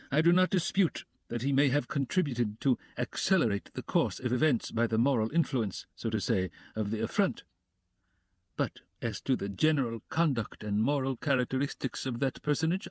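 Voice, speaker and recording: A man reading the part of a stiff, self-important middle-aged gentleman who speaks formally and precisely. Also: medium pitch, no room sound, clean studio sound, lightly acted. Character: stiff pompous middle-aged male suitor.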